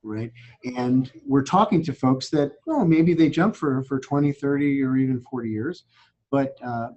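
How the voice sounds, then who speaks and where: A man's voice: mid-range voice, normal speed, darkish tone, muffled recording. A man hosting a casual conversation, thoughtful and hesitant in how he speaks. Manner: hesitant, many fillers and restarts, thoughtful. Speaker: host. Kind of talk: casual chat.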